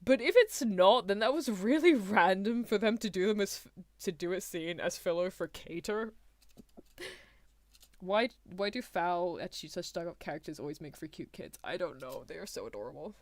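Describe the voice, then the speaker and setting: A woman's voice: fairly low pitch, moderate pace, dry recording. A woman streamer giving rambling, chatty reaction commentary, often laughing mid-sentence.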